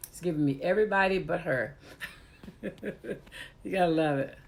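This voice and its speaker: A woman's voice: on the low side, moderate pace, gravelly. Woman, live-stream talk show host, chatty, laughs a lot, fed up with tech trouble, computer mic. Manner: chatty, laughs often, exasperated at technical glitches. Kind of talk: casual live-stream chat.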